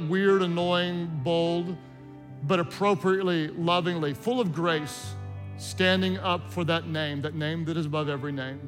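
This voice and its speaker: Bright-voiced preacher in a big echoing hall. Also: male voice, sits high. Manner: impassioned, urging, builds from soft prayer to loud exhortation. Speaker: pastor. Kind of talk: sermon with altar call and prayer. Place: large church auditorium. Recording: large echoing hall with faint music.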